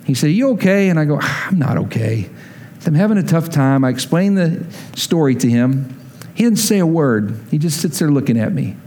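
Man, preacher, high voice, animated storytelling, acts out dialogue. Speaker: pastor. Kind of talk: sermon storytelling.

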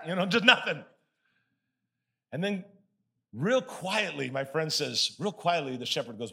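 A man preaching in a church, telling a story with energy and then speaking softly in invitation. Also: fairly high pitch, a little fast, vocal fry. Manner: animated storytelling that drops to soft, quiet invitation. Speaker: pastor. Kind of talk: sermon.

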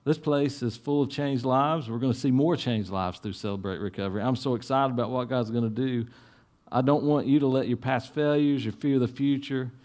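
A man preaching a sermon in a church, earnest, dropping to soft low asides and rising to urgent appeals. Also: fairly quick. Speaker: pastor.

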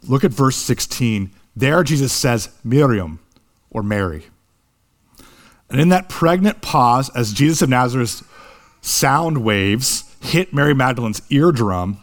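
Earnest male preacher delivering a sermon. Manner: earnest, slows for emphasis, rises in pitch at high points. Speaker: pastor.

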